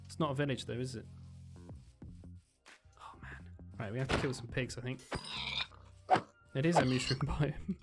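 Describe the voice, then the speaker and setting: A man giving chatty let's-play commentary as he plays, thinking aloud with excitable bursts. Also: mid-range voice, normal speed, long pauses, loud music behind the voice. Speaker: gaming video creator.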